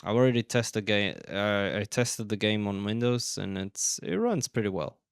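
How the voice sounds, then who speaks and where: A man giving relaxed gameplay commentary as he tests a game on his PC, thinking aloud with many fillers and restarts. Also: lowish voice, normal speed, gravelly, clean tone, no echo, studio quality. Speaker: gaming channel host.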